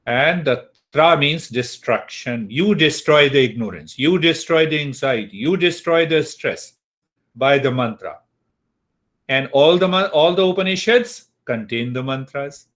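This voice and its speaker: A man's voice: on the high side, lively intonation, measured pace, a bit bright. A man teaching a class on Eastern wisdom. He repeats key words and often checks in with his listeners. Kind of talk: spiritual lecture to a class. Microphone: computer mic, online class.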